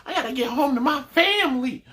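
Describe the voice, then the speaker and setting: A man's voice: very high-pitched, animated, a little fast, pushed and bright, voice pushed up, exaggerated voice. A man putting on the voice of an upset woman traveler with big attitude, sassy and insistent. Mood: pleading.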